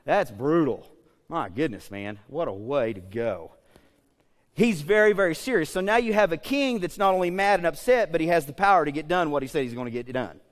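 A male pastor preaching a sermon in a lively, conversational way, with joking asides and frequent checks like "okay?". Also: on the high side, fairly quick, long reverb tail.

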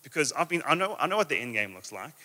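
A man preaching a sermon to a live church audience, emphatic and energetic, easing into soft drawn-out phrases. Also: on the high side. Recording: reverberant hall with soft guitar behind.

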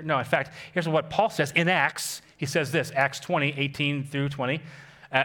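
A man's voice: fairly high pitch, moderate pace, pushed and bright. A man, a pastor, preaching a sermon with emphatic call-and-response and repeated phrases.

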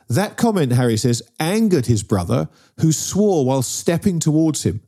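A man's voice: medium pitch, very animated, normal speed, hardly any pauses, warm tone. A middle-aged man, telling a story in casual chat and often checking in with "right?". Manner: storytelling, keeps asking "right?". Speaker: podcast co-host.

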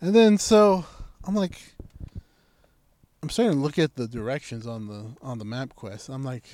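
A man's voice: mid-range voice, moderate pace, darkish tone, no echo. Man, casual storyteller, acts out his own lines, swears a lot, close and dry. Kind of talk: casual chat.

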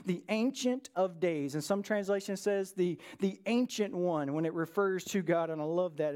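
A male pastor delivering a lively sermon, his pitch swinging up and down as he preaches. He breaks off now and then for quick asides to the listeners before driving his point again. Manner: animated preaching with sudden asides to the congregation.

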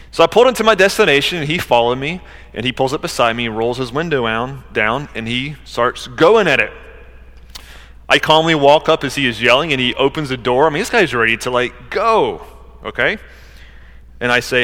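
A man's voice: mid-range voice, brisk, pushed and bright, in a large hall. A middle-aged male pastor preaching a sermon, with rising emphasis and rhetorical questions.

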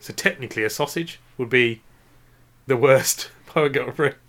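A podcast co-host with a mid-range, fairly bright voice chats casually at a moderate pace, joking, giggling and rambling through wordplay in comedic conversation.

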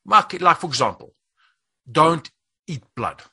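A man giving a testimony as a guest speaker at a Bible study, telling a story with frequent restarts and rising to shouts at its peaks. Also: on the high side, sing-song, measured pace, vocal fry, husky. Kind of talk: testimony sermon.

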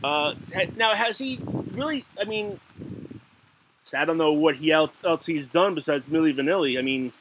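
A man's voice: a little high, normal speed, a bit bright, a little hiss or hum. Giggly rambling male podcast host. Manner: giggly, rambling with fillers and restarts. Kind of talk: casual chat.

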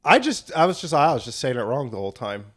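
A young man chatting casually as a podcast co-host. He is crude and jokey and wanders through his stories. His pitch sits in an ordinary male range. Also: very animated, fast, fairly bright tone. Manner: crude, joking, rambling. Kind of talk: casual chat.

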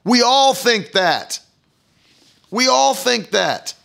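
A man's voice: very high-pitched, expressive, slow, vocal fry, pushed and bright. A man preaching a fiery sermon, hammering the crowd with rhetorical questions.

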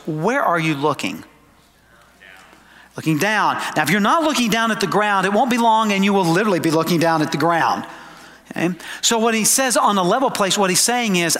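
Male pastor, slightly high and bright, emphatic sermon delivery with casual asides; church hall with a long echo. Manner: emphatic preaching, slows for quoted scripture; conversational asides to the congregation. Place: church sanctuary.

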